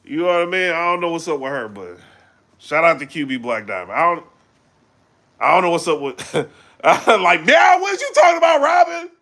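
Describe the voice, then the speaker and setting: Animated man talking loose and lively. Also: fairly high pitch, moderate pace, long pauses. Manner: animated, loose, full of fillers like "you know what I'm saying"; bursts into loud shouting when excited. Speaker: battle rap commentator. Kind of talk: casual live-stream chat.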